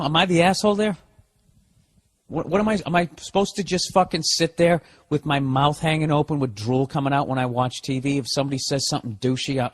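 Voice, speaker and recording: Profane, ranting male podcast host. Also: medium pitch. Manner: profane, sarcastic, exasperated ranting. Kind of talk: comedic ranting monologue.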